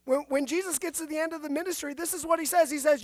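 A woman pastor preaching a sermon, animated, asking the listeners rhetorical questions and making self-deprecating asides. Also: high voice, fast, dry recording.

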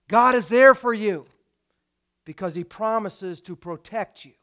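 Pastor, male, fairly high voice, emphatic sermon delivery with rhetorical questions to the congregation. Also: measured pace, a bit bright.

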